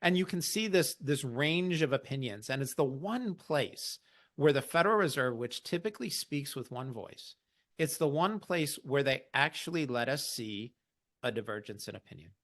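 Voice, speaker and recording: A man's voice: medium pitch, lively intonation, normal speed, a bit bright. A man hosting an investing podcast, explaining market news in a casual, wry way. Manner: explanatory, wry, quotes others in mock voices.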